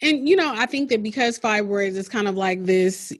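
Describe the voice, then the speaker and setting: A young adult woman hosting a podcast, talking earnestly and emotionally, quick to laugh. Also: medium pitch, expressive. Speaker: podcast host. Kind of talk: warm conversational podcast interview and outro.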